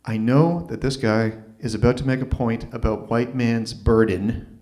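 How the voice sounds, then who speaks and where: Male open mic storyteller, wry self-deprecating delivery, halting restarts, stage mic. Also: mid-range voice, fairly even intonation, warm tone. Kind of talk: live storytelling set. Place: small arts venue stage.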